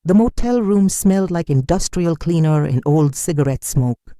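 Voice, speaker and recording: A woman narrates a first-person story at a slow, measured pace. Her tone is mellow and somber, and her pitch moves a lot. The recording is close and dry. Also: expressive, dry recording.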